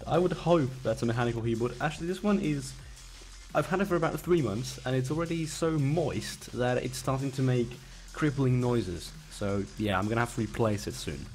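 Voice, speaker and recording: A man's voice: mid-range voice, fairly quick, darkish tone, faint music behind. A man co-commentating a live video game match in a casual, laughing banter style.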